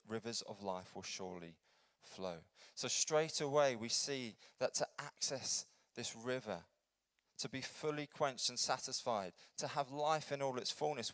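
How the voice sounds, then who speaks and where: Earnest man preaching with a smooth voice. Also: no echo. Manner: earnest, builds up then drops to a soft low voice. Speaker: pastor. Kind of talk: sermon. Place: church.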